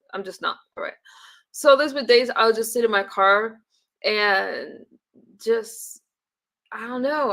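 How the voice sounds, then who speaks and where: This livestreamer has a medium-pitched, fairly bright voice. Chatty and emotional in her casual check-in, she calls out viewers by name, frequently trailing off and starting over.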